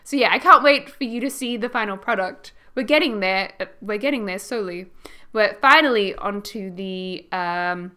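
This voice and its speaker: A woman's voice: mid-range voice, normal speed, pushed and bright, smooth. A young Australian woman chatting casually as she narrates a house build for her channel, rambling and laughing as she goes. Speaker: gaming YouTuber.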